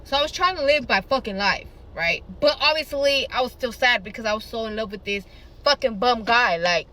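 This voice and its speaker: A woman telling a personal storytime while getting ready, animated and dramatic, swearing freely. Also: fairly high pitch, fairly quick.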